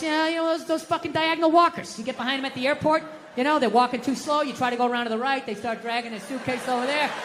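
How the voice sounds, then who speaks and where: A man's very high, bright voice tears through a profane stand-up rant, breaking into shouted bursts. It rings out with a long hall reverb and faint noise underneath, as from a big theater stage. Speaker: stand-up comedian. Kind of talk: stand-up comedy.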